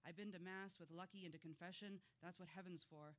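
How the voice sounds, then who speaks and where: A man's voice: high voice, fairly even intonation, brisk, fairly bright tone. A man performing a dying male gangster who rambles and pleads feverishly at an angel, in a dramatic poetry reading. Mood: pleading, raving.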